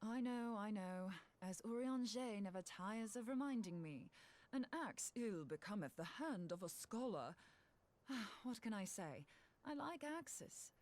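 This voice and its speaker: A woman's voice: mid-range voice, lively intonation, unhurried, darkish tone, close to an everyday voice. A woman voicing a bold, axe-loving young woman scholar in a game, breezy and wry. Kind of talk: game voice acting.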